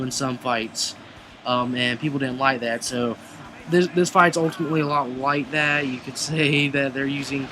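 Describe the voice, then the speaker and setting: Rambling man recapping anime episodes, noisy. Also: fairly high pitch. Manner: rambling, many fillers and restarts. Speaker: anime reviewer.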